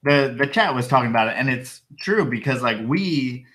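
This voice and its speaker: Bright-voiced podcast host. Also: male voice, mid-range voice, animated, moderate pace. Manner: hesitant, many fillers. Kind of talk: casual podcast chat.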